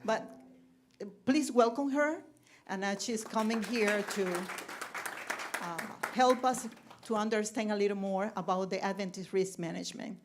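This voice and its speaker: A woman introduces a guest speaker at a church training, halting and full of fillers. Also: mid-range voice, a little hiss or hum. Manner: halting, many fillers, non-native phrasing. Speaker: conference representative.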